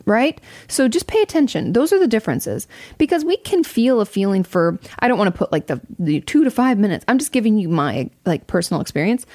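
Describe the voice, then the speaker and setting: A woman's voice: mid-range voice, sing-song, a little fast, darkish tone, dry recording, clean studio sound. A young adult woman hosting a casual advice talk, candid and conversational, swearing freely as she answers audience questions from home.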